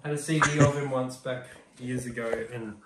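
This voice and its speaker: A man's voice: mid-range voice, fairly even intonation, moderate pace. Laid-back man in a roomy kitchen. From Australia. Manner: laid-back, short agreeing replies. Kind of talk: casual chat. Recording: roomy with loud noise.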